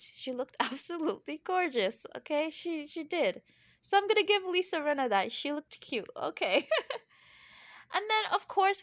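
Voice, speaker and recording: A young woman talks through a reality TV episode in a loose, chatty vlog style. Her voice sits high, and she is sassy and animated, breaking into laughing asides. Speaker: reality TV recap vlogger. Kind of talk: casual chatty commentary.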